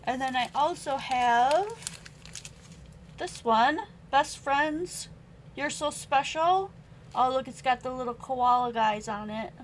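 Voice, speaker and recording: A woman's voice: high voice, slow, slight background noise, rough recording. Chatty woman selling craft stamps live. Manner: chatty, reads out stamp sentiments and prices. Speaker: online craft sale host. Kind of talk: live-stream sales chat.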